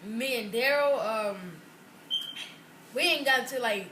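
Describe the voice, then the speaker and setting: A woman talking haltingly in a casual group chat, a reality show cast member. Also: a little high. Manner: rambling, halting. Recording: echoey room with faint noise.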